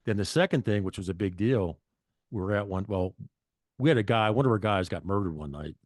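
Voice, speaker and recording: Low-voiced middle aged guy, swears a lot, rambles and restarts, dead dry mic. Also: a little fast, no echo. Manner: blunt, profane, rambling with restarts. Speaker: guest. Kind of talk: casual storytelling.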